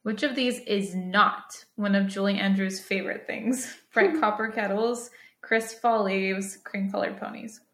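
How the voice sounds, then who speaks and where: A young woman co-hosting a casual podcast, chatty and quick to laugh, filling her talk with "like". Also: mid-range voice, fairly even intonation, fairly bright tone. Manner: chatty, says "like" a lot, quick bursts of laughter. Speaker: podcast co-host. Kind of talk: casual chat. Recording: roomy echo.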